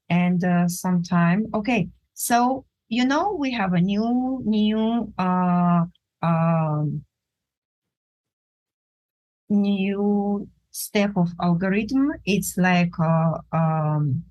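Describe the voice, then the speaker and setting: Slow, halting woman art teacher. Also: mid-range voice, darkish tone, rough recording. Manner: halting, searching for words; unhurried, thinking aloud while drawing. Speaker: art instructor. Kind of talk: drawing demonstration lesson.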